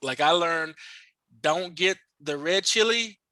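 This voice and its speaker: A man telling stories in a casual podcast chat, animated and profane, acting out the voices of people he met. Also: on the high side, slow pace, no echo. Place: podcast studio.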